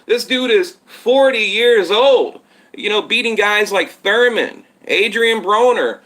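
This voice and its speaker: A man hosts a casual boxing live stream from home, talking straight to his viewers and wandering between points as he reads their comments. His voice sits high and cuts through with a bright, tense edge. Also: expressive, slow. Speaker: boxing channel host. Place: home setup in Texas. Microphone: tablet on live stream.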